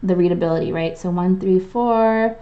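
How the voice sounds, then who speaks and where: A woman's voice: fairly low pitch, normal speed, highs cut off. A woman teaching calligraphy in a live online lesson, chatty and thinking aloud as she writes, with many fillers and restarts. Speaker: calligraphy instructor. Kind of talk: live online lesson, demonstrating while writing.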